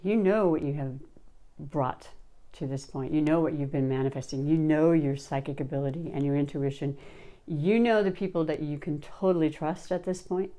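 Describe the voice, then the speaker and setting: Low, mellow-voiced woman reading tarot. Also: normal speed. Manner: warm-hearted, gushing, many restarts. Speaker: tarot reader.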